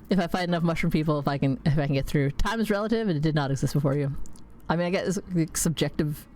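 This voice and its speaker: A woman streamer talks through her game in a loose, rambling way, swearing freely and laughing at her own jokes. Her voice sits a little low for a woman. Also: fairly quick, a little mellow. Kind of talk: casual chat while playing a game.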